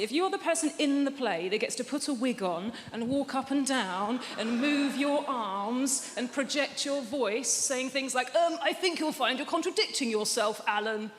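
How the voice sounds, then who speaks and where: A woman doing stand-up, delivering a deadpan, mock-earnest rant on a large theatre stage. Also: sits high, a little hiss or hum. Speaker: stand-up comedian. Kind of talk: stand-up routine. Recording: echoey hall with audience.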